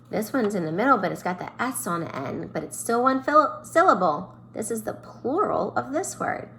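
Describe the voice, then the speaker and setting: A woman's voice: mid-range voice, very animated, normal speed, creaky, pushed and bright. A woman teacher giving a phonics lesson to young children. She has a sing-song way of talking, stretching and stressing each sound.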